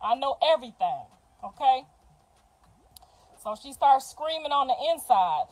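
High-voiced middle-aged woman telling stories. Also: measured pace, rough recording. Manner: animated, dramatic storytelling with gasps. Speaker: mother on a livestream. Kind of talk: casual storytelling.

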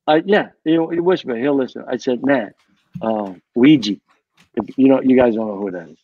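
Casting note: New man, retired fire captain, gravelly, rambling storyteller, dry lo-fi podcast sound. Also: medium pitch, animated, quick pace, no echo. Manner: rambling, repeats words, tells war stories. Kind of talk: casual storytelling.

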